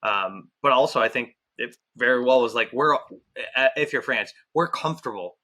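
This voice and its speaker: A man's voice: mid-range voice, normal speed, pushed and bright. A man co-hosting a podcast, breaking down a match in a loose, rambling way with many restarts. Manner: rambling, frequent restarts and fillers. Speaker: podcast co-host. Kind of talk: casual soccer analysis chat.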